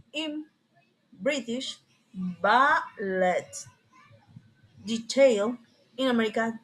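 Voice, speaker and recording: A young woman student giving a class presentation, reading her points haltingly and correcting herself now and then. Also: on the high side, poor audio. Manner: halting, careful, with frequent self-corrections.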